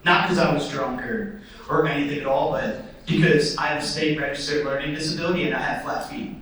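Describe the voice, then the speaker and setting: A young man doing stand-up comedy in a theatre, telling stories in an animated way and acting out voices. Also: fairly quick, very echoey, far from the mic, poor audio. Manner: animated, acts out voices with sudden high squeals. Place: theatre stage before a live audience.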